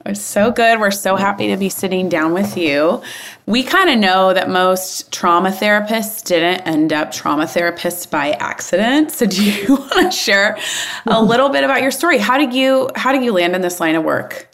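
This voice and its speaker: A woman's voice: medium pitch, expressive, moderate pace, a bit bright. A woman co-hosting a podcast, asking a guest about her story in an upbeat, friendly way. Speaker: podcast co-host. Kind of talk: interview questions.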